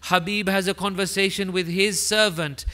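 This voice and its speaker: A man, a sheikh, giving an emotional mourning sermon in short declarative sentences that swell into loud grieving cries. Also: high voice, steady tone, normal speed. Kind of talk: emotional Muharram majlis narration.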